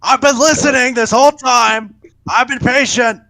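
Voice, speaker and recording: A man voicing a desperate captive common man, a diplomat, who shouts and pleads. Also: extremely high pitch, fairly even intonation, normal speed, voice pushed up, exaggerated voice, poor audio. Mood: pleading.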